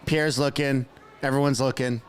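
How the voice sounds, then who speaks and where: A man commentating live on a stream, excitable, shouting and laughing as he reacts. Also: medium pitch, moderate pace.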